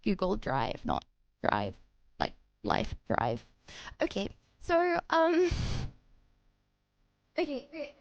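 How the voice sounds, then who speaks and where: A young woman streamer chatting casually with her viewers in an excitable, giggly, rambling way. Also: high voice, slow, pauses often, soft background music. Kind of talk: casual live-stream chat.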